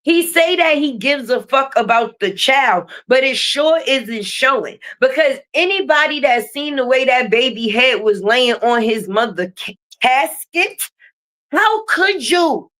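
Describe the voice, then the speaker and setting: A young adult woman rants on a livestream. She talks in a profane, confrontational, animated way. Her voice sits high. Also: measured pace. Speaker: streamer. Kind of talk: livestream rant. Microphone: streaming mic.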